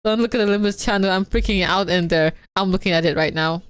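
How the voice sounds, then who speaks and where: A woman streamer giving casual, excitable game commentary, swearing and laughing often. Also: on the low side, fast, smooth, dry recording.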